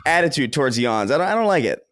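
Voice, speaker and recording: A man co-hosting a podcast in casual chat, sardonic and quick to swear. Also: mid-range voice, no echo, studio quality. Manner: animated, sardonic, swears freely. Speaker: podcast co-host.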